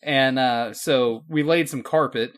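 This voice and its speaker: A man's voice: mid-range voice, a little slow, fairly bright tone. A man co-hosting a casual podcast over a call, wry and self-deprecating. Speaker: podcast co-host. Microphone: remote video call.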